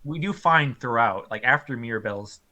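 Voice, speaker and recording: Bright-voiced man chatting with many ums. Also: medium pitch, normal speed. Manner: animated, lots of ums and likes, laughs often. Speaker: film review co-host. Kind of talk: casual film review chat.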